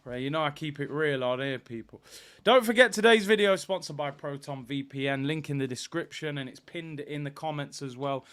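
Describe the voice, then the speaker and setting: A young man hosting a live football watchalong, chatting casually with viewers and bursting into excitement. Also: mid-range voice, clear, resonant tone. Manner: animated, banter with chat, bursts of excitement.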